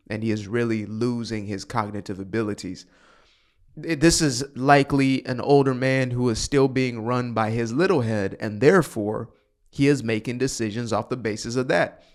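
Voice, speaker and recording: A man hosting a casual reaction commentary, talking straight to his viewers with sighs and sudden bursts. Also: mid-range voice. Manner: animated, sighing, talks to viewers directly. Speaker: commentary channel host.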